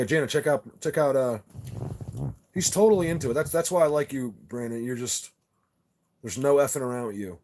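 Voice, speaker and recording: Talking to his live chat viewers, a channel host with a mid-range, slightly mellow voice rambles earnestly and insistently. His speech is full of restarts and repeated words.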